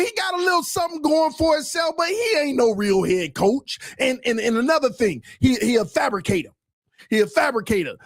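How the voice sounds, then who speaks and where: A high-pitched man hosting a live sports talk stream, loud and excitable, looping back over the same lines in heavy slang. His voice sits close and dry on the mic, with no room around it. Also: vocal fry, husky, no room sound. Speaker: podcast host.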